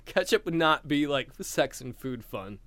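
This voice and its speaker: Young guy doing solo standup, high bright voice jumping all over, dry close mic, keeps cracking himself up. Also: lively intonation, measured pace, no echo. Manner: rambling, self-mocking, laughs at own jokes, profane. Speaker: stand-up comedian. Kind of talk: improvised solo stand-up without audience.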